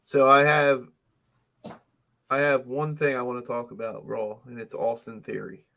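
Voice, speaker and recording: A man's voice: mid-range voice, flat delivery, a little slow, gravelly, bright, forceful tone. A man co-hosting a casual podcast, talking in a rambling way with many fillers and restarts. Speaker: podcast co-host.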